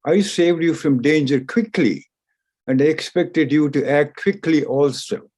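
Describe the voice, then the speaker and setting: A man's voice: fairly high pitch, a little slow, a little mellow. A man voicing a trapped male cat who pleads urgently with a mouse in a spoken story. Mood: impatient. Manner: urgent, coaxing.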